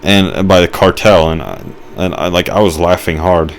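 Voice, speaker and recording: A man's voice: low-pitched, fairly even intonation, moderate pace, a little hiss or hum. A young man giving a rambling let's-play commentary, musing and hesitant with many fillers and restarts. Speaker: gamer.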